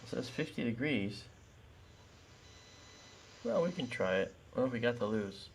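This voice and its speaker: A man hosting a live telescope stream in casual chat, very tired, talking in a relaxed way with many fillers. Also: mid-range voice, measured pace, vocal fry, slight background noise. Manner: relaxed, thinks aloud with fillers. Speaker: livestream host running a telescope.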